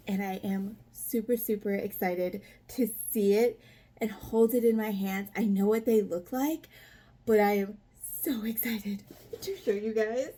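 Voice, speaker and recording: A young woman vlogging an unboxing, gushing and breathless with excitement, repeating herself. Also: mid-range voice, a little hiss or hum. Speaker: book vlogger.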